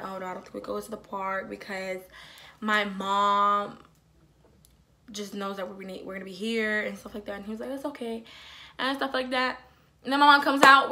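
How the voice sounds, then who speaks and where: A young woman casually telling a personal story, acting out the quotes with big swings from loud to hushed. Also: medium pitch.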